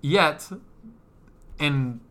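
A man co-hosting a casual sports podcast, talking in an animated way and laughing often. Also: fairly high pitch, very slow. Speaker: podcast co-host. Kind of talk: casual chat.

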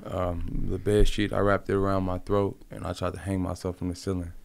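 A man's voice: low voice, flat delivery, fairly quick, gravelly, a little mellow, no echo. A man from Compton being interviewed, speaking in a rambling, profane, slang-filled casual way. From Compton, California. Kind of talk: casual conversational storytelling.

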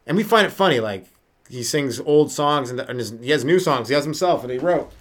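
A man's voice: medium pitch, expressive, fairly quick. A man hosting a solo comedy podcast, rambling and riffing with many fillers, running on no sleep. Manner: rambling, riffing, lots of fillers and sudden voice jumps. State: sleep-deprived. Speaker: stand-up comedian and podcast host.

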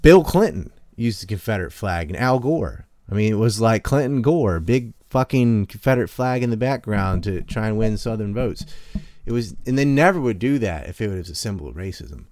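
Casting: deep-voiced man, blunt and profane, casual podcast talk. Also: moderate pace. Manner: blunt, profane, animated storytelling. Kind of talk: casual opinionated chat.

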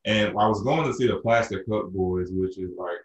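A man's voice: fairly low pitch, normal speed, far from the mic. A man from Arkansas telling a rambling story in casual chat, with many restarts and fillers. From Arkansas, USA. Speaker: podcast co-host. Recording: roomy echo, a bit off-mic.

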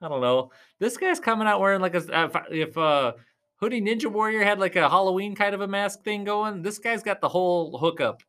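A vlogger giving casual play-by-play commentary at a live event, chatty and laughing often. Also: fairly quick. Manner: chatty, laughs often, lively swings in pitch. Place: at a live arm-wrestling event.

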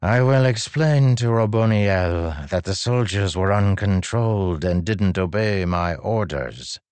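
A man reading an audiobook, voicing an imperious female warrior in a measured, haughty way. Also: on the low side, a little mellow, clean tone, no room sound, pitched above the performer's own voice.

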